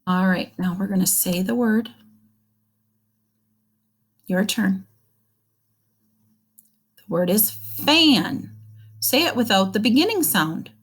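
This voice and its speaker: A woman teaching young children to read, slowly sounding out words and praising them. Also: mid-range voice, animated, husky. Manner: slow, encouraging, sounding words out. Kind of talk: early reading lesson for young children.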